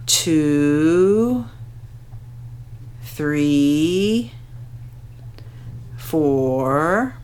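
Slow, expressive woman storyteller. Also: sits low. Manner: expressive, counts aloud, acts out thunder sounds. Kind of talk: children's story read-aloud.

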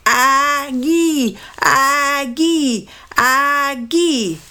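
A woman reading aloud voices a gentle deaf father who asks simple, halting questions about baseball. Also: mid-range voice, big pitch swings, vocal fry, voice pushed up. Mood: cheering. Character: gentle deaf father, adult man, eager baseball fan.

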